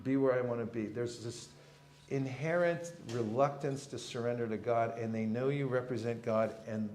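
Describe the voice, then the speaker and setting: Man teaching a lively seminar in an echoing hall. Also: mid-range voice, moderate pace, slight background noise. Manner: humorous, acts out street encounters. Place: temple hall with audience.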